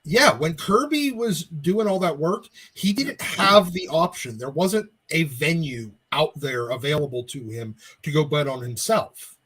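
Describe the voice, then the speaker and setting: A man on a live panel explaining a point in a measured way. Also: on the high side, lively intonation, a bit bright, breathy edge. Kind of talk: casual live panel chat.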